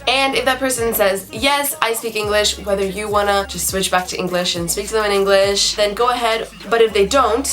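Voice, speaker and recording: A young woman giving a casual online language lesson, chatty and upbeat, repeating each phrase slowly for learners. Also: mid-range voice, a bit bright. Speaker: language tutor. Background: faint background music.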